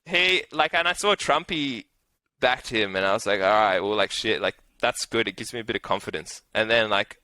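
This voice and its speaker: A man's voice: fairly low pitch, level tone, fairly quick, few pauses, bright, forceful tone, dry recording, low-quality recording. A young Australian man casually telling a betting story, rambling with lots of "like", swearing and laughs. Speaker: interview guest, punter.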